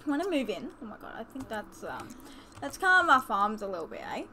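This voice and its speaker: Bright, high-voiced woman gamer. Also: brisk, a little hiss or hum. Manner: chatty, excitable, gasping and exclaiming. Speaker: let's play host. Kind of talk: casual gameplay commentary.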